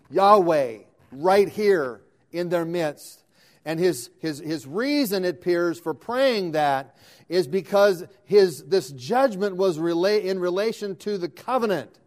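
A man's voice: sits high, a little mellow. A man preaching a sermon, earnestly calling out scripture verse by verse and restarting words as he goes.

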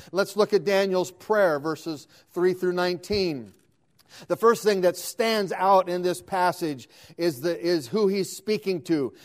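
A high-pitched man preaching a sermon. He reads scripture verse by verse, lifting his voice on each appeal to the Lord, and often stops to restart a word. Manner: earnest, calling out scripture verse by verse with emphatic "O Lord"; restarts and corrects words as he goes.

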